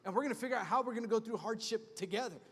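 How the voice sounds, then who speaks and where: High-voiced animated preaching pastor, man. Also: very fast, husky. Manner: animated, punchy preaching with repeated refrains. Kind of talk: sermon. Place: church sanctuary. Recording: long reverb of a church hall.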